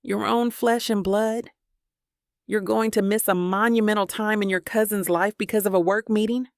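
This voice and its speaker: A woman's voice: medium pitch, fairly even intonation, moderate pace, no room sound, clean studio sound, natural voice. A woman narrating an audiobook voices a nagging, guilt-tripping mother who scolds her daughter. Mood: scolding. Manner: scolding, insistent.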